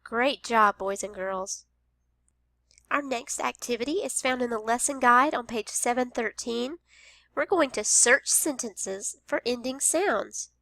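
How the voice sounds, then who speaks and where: A woman teaching a phonics lesson to young children, speaking slowly and sounding out each word with care. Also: on the high side, bright, forceful tone, no room sound. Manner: slow, careful, over-enunciated.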